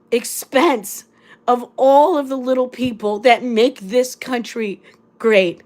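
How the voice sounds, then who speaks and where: A woman hosting her own livestream, delivering an angry, blunt and profane rant full of repeated rhetorical phrases. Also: sits high. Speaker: livestream host.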